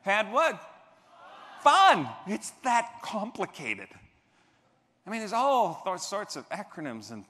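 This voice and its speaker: Male keynote speaker, fairly high, lively storyteller who acts out scenes, stage mic in a big reverberant convention hall. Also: measured pace. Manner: animated storyteller, acting out scenes and shouting for effect. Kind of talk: motivational keynote speech.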